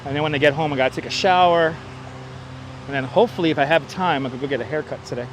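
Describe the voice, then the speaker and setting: A man's voice: fairly high pitch, quick pace. A man livestreaming as he walks the streets outdoors, chatting and joking with viewers on a clip-on mic. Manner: chatty, thanks viewers, jokey asides. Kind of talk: casual live vlog chat. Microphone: wireless clip-on mic. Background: traffic and city ambience.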